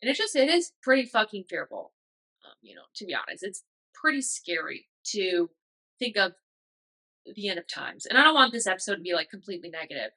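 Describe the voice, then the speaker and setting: A woman's voice: mid-range voice, big pitch swings, fairly quick, sharp tone, poor audio. A woman in her thirties hosting a podcast, talking in a casual, emotional way with many fillers. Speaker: podcast host. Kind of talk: casual reflective monologue.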